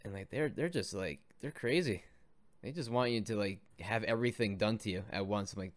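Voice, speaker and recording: A man's voice: fairly low pitch, a little fast, dry recording. A young man chatting casually on a podcast, rambling and filling his talk with "like.". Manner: rambling, says "like" constantly. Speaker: podcast co-host. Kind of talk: casual chat.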